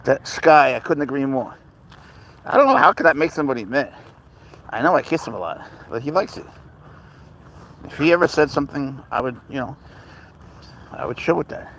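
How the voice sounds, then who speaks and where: A man's voice: mid-range voice, sing-song, moderate pace, long pauses, fairly bright tone, a little hiss or hum, poor audio. A man hosting a casual live stream outdoors on a walk with his cat, rambling easily through viewer questions and baby-talking his pet. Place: outdoors on a walk near a road.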